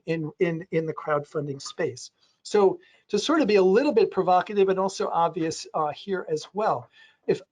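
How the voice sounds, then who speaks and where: A man's voice: sits high, darkish tone. A man speaking on a panel, rambling in a conversational way with many fillers and restarts, now and then doing playful voices for quotes. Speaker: panelist on a real estate crowdfunding webinar.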